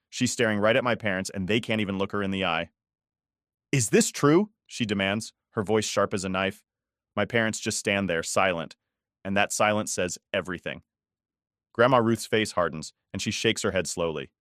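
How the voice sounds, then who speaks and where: A man with a fairly low voice narrates a scripted first-person story. His delivery is steady and even, and the sound is dry and close. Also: fairly quick, no echo.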